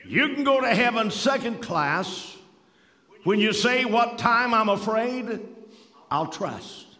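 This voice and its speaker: A man's voice: sits high, pushed and bright, in a large hall. A man preaching a sermon, quoting scripture in old-fashioned wording and telling folksy stories with rising emphasis. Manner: preaching with scripture quotations in King James wording.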